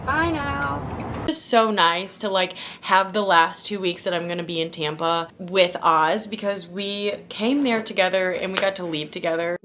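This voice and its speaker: A woman's voice: on the low side, steady tone, normal speed, hardly any pauses, noisy background. A woman in her twenties from Missouri, chatting casually to camera as a vlogger, full of "like" and calling her viewers "guys" and "y'all". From St. Louis, Missouri. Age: 20s.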